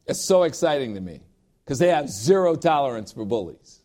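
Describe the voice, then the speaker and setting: A pastor preaching a sermon in an emphatic, emotional way, with personal asides and repeated phrases. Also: male voice, mid-range voice, big pitch swings, fairly quick, dark tone.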